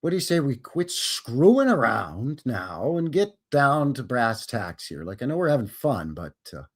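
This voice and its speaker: Male live-stream host, chatty and jokey, with a voice that swings freely up and down at a mid pitch. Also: sing-song, moderate pace. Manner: joking, rambling, slips into silly voices. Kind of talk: casual live-stream chat.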